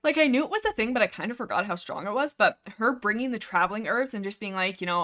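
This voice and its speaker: A woman hosting a casual book discussion livestream, rambling excitably into a headset mic and packing her talk with fillers. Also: on the high side, quick pace. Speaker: livestream host.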